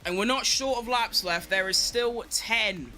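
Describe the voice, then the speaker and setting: A young man giving excitable live commentary on his racing game, talking to himself and swearing at rivals and his car. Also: sits high, measured pace. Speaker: game streamer.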